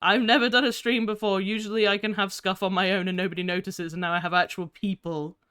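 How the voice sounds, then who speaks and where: Bright, giggly young woman streamer. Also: mid-range voice, flat delivery, fast talker, clean tone. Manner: giggly, chatty, easily distracted. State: tired. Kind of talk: casual live-stream chat.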